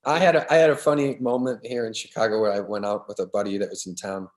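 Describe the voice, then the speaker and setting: A man's voice: fairly low pitch, fairly even intonation, fast, echoey room. A man, an actor, chatting casually and often restarting and repeating words as he thinks. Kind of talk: casual conversation between actors.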